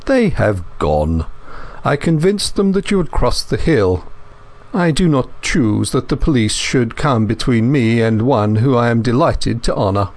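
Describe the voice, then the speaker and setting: A man voicing a sinister old gentleman villain. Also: mid-range voice, animated, unhurried. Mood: coolly menacing. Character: sinister old gentleman, calm, menacing mastermind. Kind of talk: audiobook character voice.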